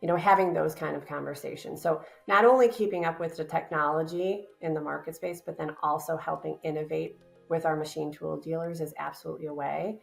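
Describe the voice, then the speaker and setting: A woman with a low voice and a gravelly edge, answering interview questions about her company. She speaks in an earnest, upbeat way with plenty of fillers. Faint music sits underneath. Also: fairly even intonation, brisk. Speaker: company business development director, guest.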